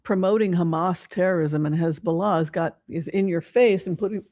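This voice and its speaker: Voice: mid-range voice, moderate pace, a little mellow, no room sound. Rambling tarot reader, dry sound. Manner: rambling, hesitant, many fillers and restarts. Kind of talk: casual livestream commentary with tarot reading.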